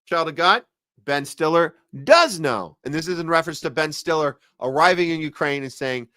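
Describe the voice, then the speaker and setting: A man's voice: fairly high pitch, animated, normal speed, bright, forceful tone, dry recording, studio quality. A man hosting a live podcast, chatting casually and sarcastically while reading viewer comments. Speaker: podcast host.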